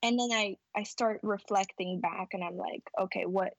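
A woman's voice: mid-range voice, steady tone, moderate pace, creaky, no echo. A woman entrepreneur talking casually as a podcast guest, rambling and reflective, often acting out her own past thoughts.

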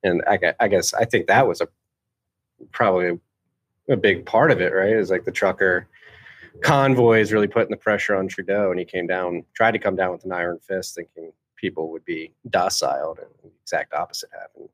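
A man hosting a casual podcast conversation, speaking in a halting way with many fillers and restarts. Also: low-pitched, a bit bright, breathy edge, dry recording. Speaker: podcast host.

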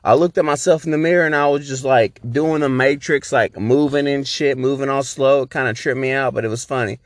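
A man's voice: mid-range voice, fairly even intonation, a little fast, no echo. A man hosting a podcast, telling a rambling, profane story in a laid-back, casual way. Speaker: podcast host.

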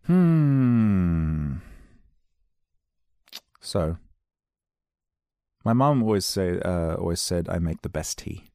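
Male podcast host, casual self-mocking rambler, gravelly tone. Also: sits low, very animated, very slow, long pauses, mellow, no echo, studio quality. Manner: jokey, self-deprecating, slips into silly voices.

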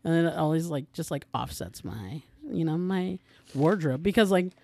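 A man's voice: fairly high pitch, normal speed, gravelly, mellow. A man chatting casually as a podcast guest, rambling with lots of filler words. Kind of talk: casual chat.

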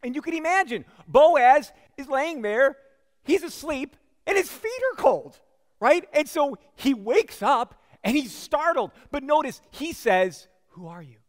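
A man's voice: extremely high pitch, lively intonation, a little slow, long reverb tail. A man preaching a sermon as a pastor, telling the story in a conversational way with frequent asides to the congregation.

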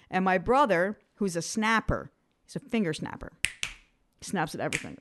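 A woman in her forties co-hosting a casual podcast chat, an animated storyteller who acts out the voices she quotes. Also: lowish voice, a little fast. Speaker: podcast co-host.

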